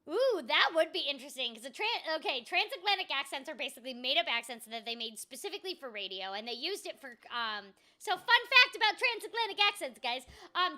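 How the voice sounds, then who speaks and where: A woman voice actor streams a video game and chats her way through it, her high, bright voice bouncing all over the place. She's lively and scattered, full of ums and self-mocking little asides.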